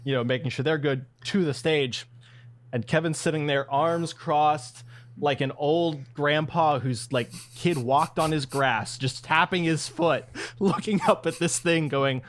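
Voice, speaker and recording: A man's voice: on the high side, a little slow, a bit bright, a little hiss or hum. A man co-hosting a podcast, chatting casually in a playful, teasing way. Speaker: podcast co-host. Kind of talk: casual chat.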